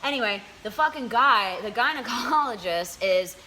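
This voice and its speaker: A young woman hosting a casual chat, telling a story in an animated, profane way and mimicking the people in it. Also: fairly high pitch, moderate pace. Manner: animated, profane, does voices of people in her stories. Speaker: host.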